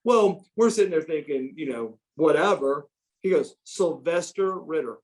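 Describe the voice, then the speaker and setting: Animated man telling stories. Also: fairly high pitch, moderate pace. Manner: animated, repeats words, acts out quotes. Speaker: interview guest, former pro wrestler. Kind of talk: casual storytelling.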